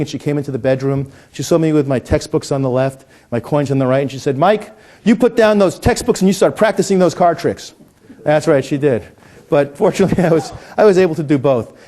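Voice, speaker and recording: In a mellow, medium-pitched voice, a middle-aged man mixes coin magic with jokes and puns and afterward teaches the trick. His delivery is full of stammers and restarts.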